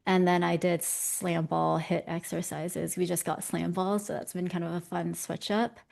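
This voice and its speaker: Interview guest: young woman, low voice with a gravelly edge, chatty and self-mocking. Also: level tone, normal speed, darkish tone. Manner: chatty and self-deprecating, laughing often. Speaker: interview guest, visual development artist. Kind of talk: casual conversation.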